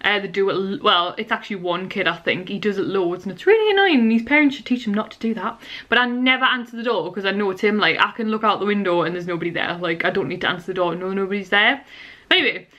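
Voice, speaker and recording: A woman's voice: medium pitch, fast, sharp tone, dull audio. A young woman chatting casually to a handheld camera in a vlog, tired and out of breath, rambling from one story to the next. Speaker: vlogger.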